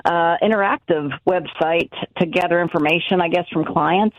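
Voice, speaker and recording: A woman calling in to a radio show, speaking in a friendly, halting way with fillers. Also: fairly low pitch, no echo. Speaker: caller. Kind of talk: call-in radio show chat. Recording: dull phone line, dry.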